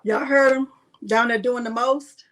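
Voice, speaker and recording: A woman's voice: on the high side, fairly even intonation, measured pace, fairly bright tone. A middle-aged woman hosting a crafting livestream, chatting casually and playfully as she calls out viewers by name. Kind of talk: casual live-stream chat.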